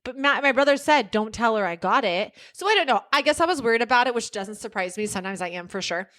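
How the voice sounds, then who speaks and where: A woman co-hosting a podcast, telling stories in a casual, animated way with quick bursts of laughter. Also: on the high side. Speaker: podcast co-host. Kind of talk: casual chat.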